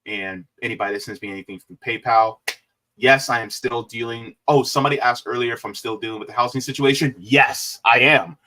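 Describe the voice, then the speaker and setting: A man's voice: mid-range voice, fairly even intonation, brisk, bright, forceful tone. A man hosting a casual livestream, talking to viewers in a loose, rambling way with plenty of fillers. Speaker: livestream host.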